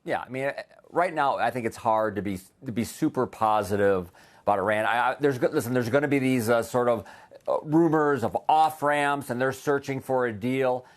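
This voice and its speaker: An American economic policy analyst answers questions in a live TV news interview. His voice is mid-range and his speed normal, but he sounds hesitant, restarting often and using lots of fillers.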